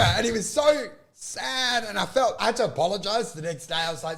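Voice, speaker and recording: A comedian talks in a high, raspy-edged voice with a sharp, bright tone. He tells stories in casual podcast chat, animated and full of swearing. He laughs often as he goes. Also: brisk, hardly any pauses. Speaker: comedian guest.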